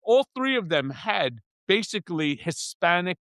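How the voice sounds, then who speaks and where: This middle-aged man has a high voice and an unhurried delivery, appearing as a guest commentator in casual political chat on a talk show. He's an animated storyteller who curses liberally and cracks himself up. The recording is dry and studio quality.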